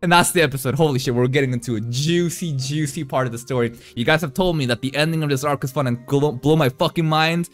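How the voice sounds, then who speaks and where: A young man giving casual, excitable commentary on an anime episode, thinking aloud and swearing freely. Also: a little high, quick pace, few pauses, faint music behind. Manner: wry, playful running commentary. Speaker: anime reaction streamer. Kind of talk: casual live reaction commentary.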